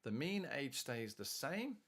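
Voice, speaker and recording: A man's voice: medium pitch, sing-song, measured pace, fairly bright tone. A man teaching maths, chatting and thinking aloud as he works through exam problems. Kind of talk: worked-solution maths tutorial.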